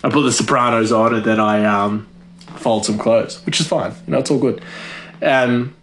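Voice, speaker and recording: A man's voice: mid-range voice, steady tone, normal speed, fairly bright tone, slight background noise. A man rambles through a comedic monologue in a loose, chatty way. He piles on fillers and breaks into laughter at his own jokes. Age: adult.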